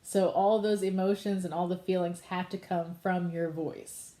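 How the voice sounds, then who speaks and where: Mellow-voiced woman teacher, echoey room. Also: on the low side, steady tone, moderate pace. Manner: patient, conversational explaining with demonstrations. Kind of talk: online lesson on voiceover delivery.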